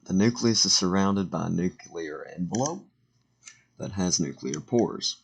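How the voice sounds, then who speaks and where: Unhurried and animated, a gravel-voiced teenage boy talks through his school slideshow on a home computer mic. Along the way he stumbles, fixes his mistakes and slips in jokes.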